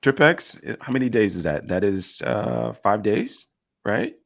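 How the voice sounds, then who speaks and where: A man's voice: lowish voice, very animated, measured pace. A man co-hosting a casual online panel, upbeat and steering the talk from one segment to the next. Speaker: co-host.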